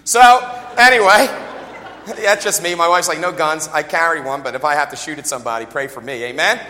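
Man, pastor, middle-aged, animated sermon, high bright voice, long hall reverb. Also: brisk, slight background noise. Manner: animated preaching with asides and quoted voices. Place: church.

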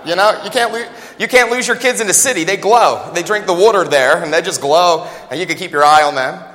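A man preaching a sermon as a pastor, talking fast and joking in a conversational way, recorded with long hall reverb in a church. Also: high-pitched, a bit bright. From United States.

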